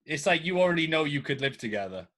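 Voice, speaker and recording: A man's voice: a little high, big pitch swings, quick pace, fairly bright tone. A British man co-hosting a podcast, wry and teasing, laughing easily in casual banter. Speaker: podcast co-host.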